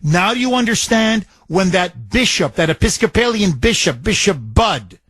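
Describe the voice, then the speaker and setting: A man's voice: high voice, sing-song, moderate pace, a bit bright, slightly rough, no echo. A man hosting a political talk radio show, ranting in an indignant, emphatic way into a studio mic.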